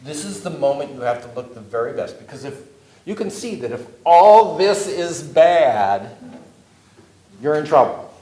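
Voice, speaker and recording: In an echoey meeting room, a man with a fairly high, mellow voice addresses a live audience about job interviews. He is very animated yet unhurried. His manner is conversational and repetitive, full of "okay?" check-ins.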